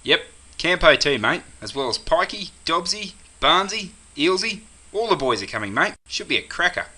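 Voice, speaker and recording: A man's voice: on the high side, very animated, moderate pace, pushed and bright, heavily acted. A man playing a cheery Australian mate calling about a barbecue, with easygoing slangy chatter and an Australian accent. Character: cheery Aussie mate on the phone. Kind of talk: scripted comedy sketch.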